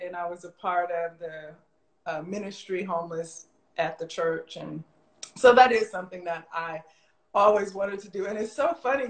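A middle-aged woman telling a long personal story in casual chat, animated and full of "like" fillers, jumping high in pitch when she quotes people. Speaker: guest telling her story. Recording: roomy echo.

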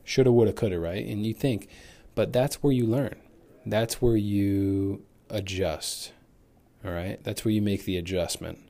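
A man with a fairly low voice hosts a solo fitness podcast. He talks in a loose, candid, motivational way and drops the occasional swear word. He is getting over a recent illness. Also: steady tone, measured pace, creaky, dark tone. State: recovering from illness. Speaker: fitness coach and podcast host. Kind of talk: casual solo podcast monologue.

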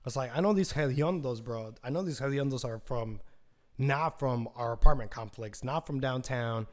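A young man with a medium-pitched voice speaks at normal speed, hosting a casual solo podcast. He tells a rambling, profane story, acting out quotes in raised voices.

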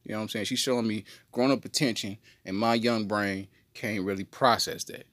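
A man telling a comedic story on a podcast in an animated, slangy way. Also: on the low side, brisk, dry recording. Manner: animated, slangy, jumps into voices. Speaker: podcast co-host.

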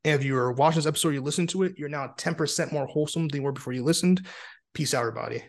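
A man's voice: on the high side, very fast. A man hosting a podcast in a casual, playful chat, teasing his guest and often repeating himself. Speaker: podcast host.

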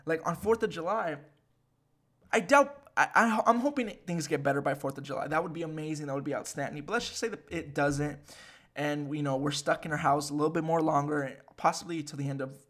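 Young man host, twenties, slightly high voice, casual profane rant, animated delivery. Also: a little fast. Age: 20s. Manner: animated and profane, with frequent fillers. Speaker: podcast host. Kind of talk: casual ranting monologue.

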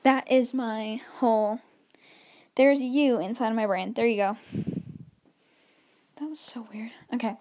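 A woman's voice: fairly high pitch, steady tone, a little slow, pauses often, warm tone, a little hiss or hum. A teenage girl hosting her own podcast alone, talking nervously and rambling with lots of restarts, a little wheezy, while pacing around her bedroom. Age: teens. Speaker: podcast host. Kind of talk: solo podcast chat.

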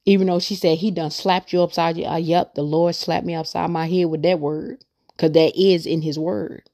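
A woman's voice: lowish voice, steady tone, normal speed, warm tone. A woman hosting a podcast, talking through her faith in an earnest, rambling way and repeating her points for emphasis. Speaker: podcast host. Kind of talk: casual faith monologue.

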